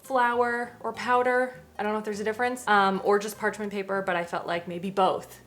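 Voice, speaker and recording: A woman filming a casual cooking vlog, chatty and excitable, talking straight to the camera. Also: mid-range voice, moderate pace, faint music behind. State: out of breath. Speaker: cooking vlogger.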